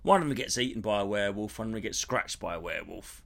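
A man on a podcast, retelling a film in a sweary, animated, rambling way. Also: fairly low pitch, quick pace, creaky. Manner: animated, sweary storytelling with restarts. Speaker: podcast co-host. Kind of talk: casual comedic chat.

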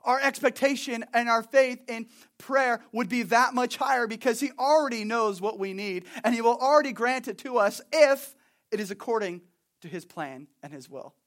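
A young man preaching a sermon in a conversational, animated way, acting out little asides. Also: extremely high pitch, normal speed. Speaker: pastor.

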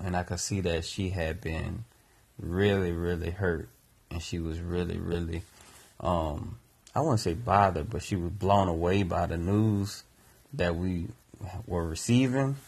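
Male podcast co-host, low husky voice, earnest reflective storyteller. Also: normal speed. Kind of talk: personal storytelling.

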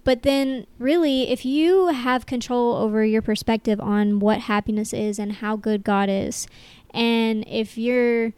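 A young woman with a light Midwestern American lilt talks earnestly on a family podcast. Her voice is smooth and resonant, sits a little high, and is recorded close and dry with no room sound. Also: a little mellow, no room sound. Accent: Midwestern American, Iowa. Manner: earnest, reflective, quick asides. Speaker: podcast co-host, granddaughter. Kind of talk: casual family podcast chat.

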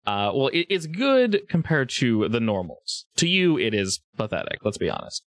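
A man running a tabletop role-playing game as game master, giving quick, playful rulings to his players. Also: medium pitch, huge pitch swings, no room sound.

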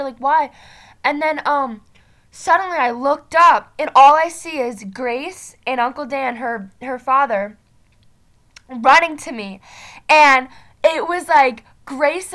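A high-pitched teenage girl chatting over a video call, tumbling through her story with constant fillers and bursts of giggles. Her talk is loose and excited. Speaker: vlogger. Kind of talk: casual chat.

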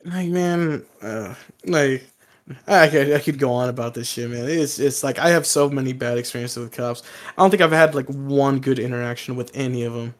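Guy on a podcast, mid pitch, swearing, venting about cops. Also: moderate pace. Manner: blunt, profane, worked up. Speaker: podcast co-host. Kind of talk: casual chat.

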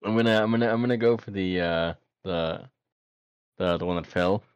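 A man's voice: deep voice, moderate pace, smooth, dry recording. A man playing a tabletop game, hesitant and repeating himself as he decides what to do. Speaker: player. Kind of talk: casual tabletop play.

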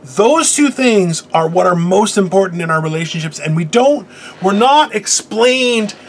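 A middle-aged man hosting a casual chat, telling stories in an animated, profane way. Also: high-pitched, measured pace. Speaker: podcast host.

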